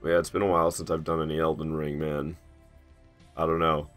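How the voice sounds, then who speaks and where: A man's voice: extremely low pitch, level tone, brisk, fairly bright tone, faint music behind. A man chatting casually on a live stream while playing a game, rambling, laughing at himself and swearing freely. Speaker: gaming streamer. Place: his garage.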